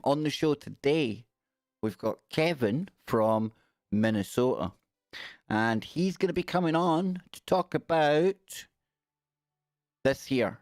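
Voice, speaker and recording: A man's voice: fairly low pitch, a little mellow, dry recording, studio quality. A middle-aged man, hosting a live stream in a chatty, rambling, joking way. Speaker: host. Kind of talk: casual live-stream chat.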